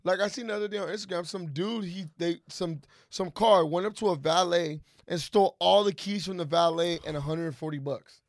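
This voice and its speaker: A young man on a podcast, telling animated, profane stories in casual chat. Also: sits high, a little fast, hardly any pauses, dry recording, studio quality. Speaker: podcast guest.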